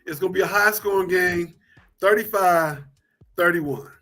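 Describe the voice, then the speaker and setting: High-voiced man hosting sports talk. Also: normal speed, sharp tone. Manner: loose, repeats himself, laughs easily. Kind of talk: casual sports chat.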